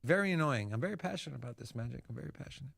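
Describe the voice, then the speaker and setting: A man hosting a crypto livestream, talking casually and excitably, swearing freely. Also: mid-range voice, rapid-fire, gravelly, slightly rough, dry recording, clean studio sound. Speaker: crypto show host. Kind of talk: livestream market commentary.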